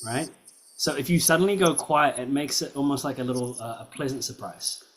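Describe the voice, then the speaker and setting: A man's voice: mid-range voice, a little fast, slight background noise. A man giving a student feedback in a recorded piano lesson, encouraging, often checking in with "right?" and "yeah?". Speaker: piano teacher.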